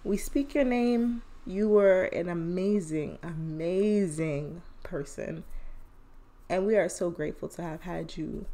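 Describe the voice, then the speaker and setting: A woman's voice: lowish voice, warm tone. A woman hosting a podcast, speaking in an earnest, encouraging casual monologue. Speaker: podcast host. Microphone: phone headphone mic or podcast mic.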